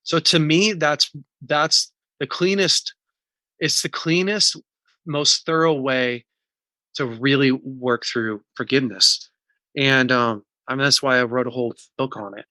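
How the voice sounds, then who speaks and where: A man's voice: mid-range voice, steady tone, unhurried, bright, forceful tone, no echo. A man speaking as an interview guest, earnest and explaining his points through examples. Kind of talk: casual interview talk.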